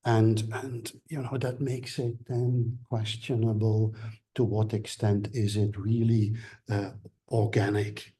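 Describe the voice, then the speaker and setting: A man's voice: lowish voice, level tone, takes it slowly, warm tone. A male lecturer giving a seminar talk, hesitant with many fillers and restarts.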